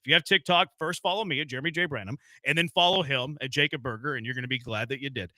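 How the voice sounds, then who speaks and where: A man's voice: mid-range voice, very fast, pushed and bright, no echo. A man hosting a sports radio show, joking around in playful, casual banter with his co-host. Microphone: studio microphone.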